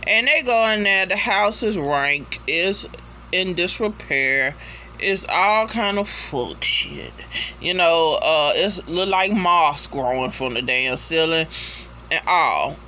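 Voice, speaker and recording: Animated woman recapping a show, bright voice. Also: lowish voice, slow pace, a little hiss or hum. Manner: animated storyteller, slangy and profane, acts out reactions. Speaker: TV episode reviewer. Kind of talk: casual recap with profanity.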